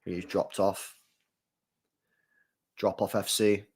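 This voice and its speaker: A young man hosting a live football watchalong, reacting to the match, talking to his chat and bursting into shouts and laughter. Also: deep voice, slow, breathy edge. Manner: excitable, bursts into shouts and laughter, chats to viewers.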